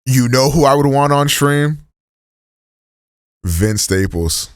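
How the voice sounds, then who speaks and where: A man's voice: medium pitch, expressive, slow pace, smooth, dry recording. A man talks loosely to his live chat in a mid-range voice, dropping swear words and slang as he rambles between thoughts. The sound is dry and close, with no room around it. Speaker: streamer. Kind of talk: casual live-stream reaction chat.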